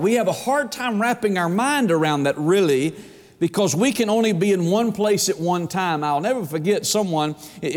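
A man delivers a sermon, slowing down to read scripture and slipping into homey anecdotes. His voice sits a bit high for a man, and the sound rings with the long reverb of a big hall. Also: darkish tone. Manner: reads scripture slowly, tells folksy anecdotes. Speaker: pastor.

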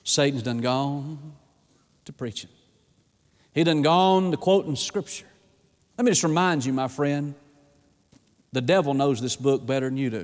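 A man's voice: medium pitch, a little slow, long pauses. A man preaching a sermon in a folksy, emphatic way, often calling out "my friend". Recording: long hall reverb.

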